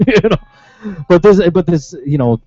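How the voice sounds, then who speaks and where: Casting: man from Western New York, slightly higher voice, swears freely, laughing yarn-spinner, dull dry sound. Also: expressive, normal speed, dark tone, no echo, faint music behind. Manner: rambling, profane, laughing anecdotes. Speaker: show regular. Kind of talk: casual banter.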